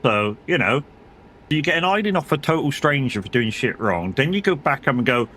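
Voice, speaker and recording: A man's voice: medium pitch, very animated, a little fast, fairly bright tone, a little hiss or hum. A middle-aged man, chatting casually and rambling as he streams a driving game, swearing and laughing often. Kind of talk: casual chat while gaming.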